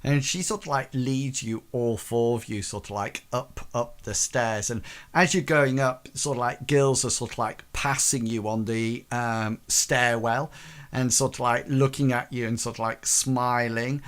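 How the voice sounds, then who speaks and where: A man's voice: mid-range voice, fairly even intonation, a little slow, a bit bright. Rambling male game master. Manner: rambling, many fillers. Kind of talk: narrating a tabletop game.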